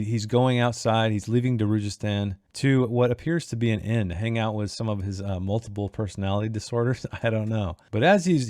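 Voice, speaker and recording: A man hosting a book club read-along, reading passages aloud and then thinking out loud with lots of fillers and restarts. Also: lowish voice, dry recording, studio quality. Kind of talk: casual read-along discussion.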